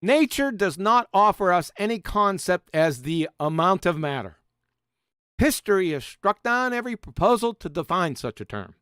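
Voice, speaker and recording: A man's voice: sits high, big pitch swings, moderate pace, a bit bright, smooth, no echo, clean studio sound. A man hosting a live stream, mocking and sarcastic, reading quotes and laughing often. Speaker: host.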